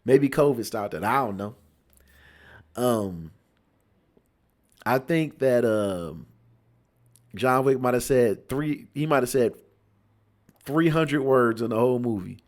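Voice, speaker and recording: Rambling man reviewing a movie casually. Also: mid-range voice. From Cincinnati. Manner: rambling, repeats words, acts out friends' lines.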